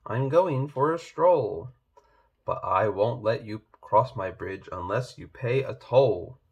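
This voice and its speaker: A man's voice: medium pitch, expressive, slow pace, husky, muffled recording, full character voice. A man voicing an old ferocious male troll in a read-aloud picture book. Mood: gruff.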